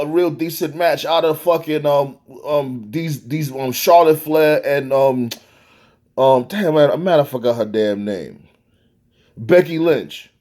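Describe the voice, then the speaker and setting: A man giving a profane, exasperated rant reviewing a wrestling match. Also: fairly high pitch. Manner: animated, swearing, exasperated.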